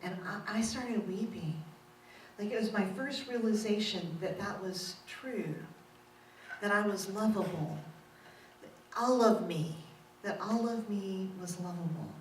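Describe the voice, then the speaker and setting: A woman's voice: medium pitch, measured pace. A middle-aged woman minister giving a candid personal testimony sermon, self-mocking and laughing often. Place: church sanctuary. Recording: roomy echo, from a distance, faint noise.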